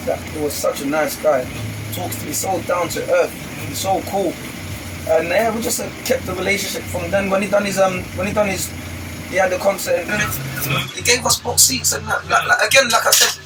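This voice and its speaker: A man's voice: sits high, fairly even intonation, fairly quick, distant mic, noisy background. A man, guest on a barber shop interview, telling stories animatedly with lots of slang. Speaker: guest rapper. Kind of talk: casual interview chat.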